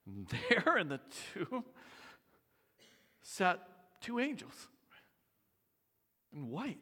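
A man preaching a sermon, slow and deliberate, sometimes dropping to near-whispers for emphasis. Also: high-pitched, huge pitch swings, bright, forceful tone, in a large hall. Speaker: pastor.

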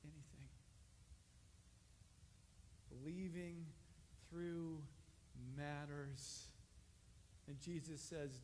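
High-voiced man preaching in a big hall. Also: steady tone, slow, long pauses, a little hiss or hum. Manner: conversational, asks the congregation questions, builds to loud emphatic passages. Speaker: pastor. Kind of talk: sermon. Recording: reverberant hall, faint ambience.

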